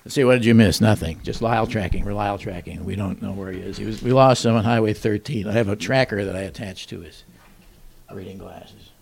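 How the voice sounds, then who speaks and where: Dry-voiced older man with gravelly low tone. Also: a little fast, darkish tone. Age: 60s. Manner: dry, wisecracking, mutters asides. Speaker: podcast host. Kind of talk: deadpan satirical news monologue.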